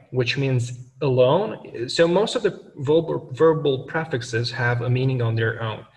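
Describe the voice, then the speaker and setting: A male language teacher in a video lesson who talks through grammar methodically and backs every point with examples. His voice sits in a middle register and comes from some distance away in a room with a long, ringing reverb. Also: medium pitch. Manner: methodical, explains with worked examples.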